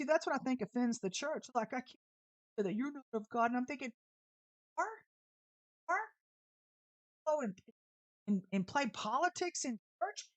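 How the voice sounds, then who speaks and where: A woman's voice: on the high side, dry recording. A woman preaching an informal sermon in a fiery, sassy, emphatic way.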